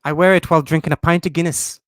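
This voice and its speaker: A man's voice: fairly high pitch, steady tone, fast talker, a bit bright, no echo, studio quality, pitched above the performer's own voice, natural voice. A man putting on a cheerful male potato reviewer with an Irish accent, joking boisterously. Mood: jokey. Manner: jokey, boisterous.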